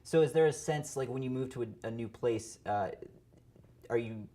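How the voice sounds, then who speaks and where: Guy hosting a chat show, easygoing, lots of ums, talks fast in spurts, theater stage. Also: mid-range voice. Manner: relaxed, many fillers, quick bursts. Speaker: interview host. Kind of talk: casual interview chat.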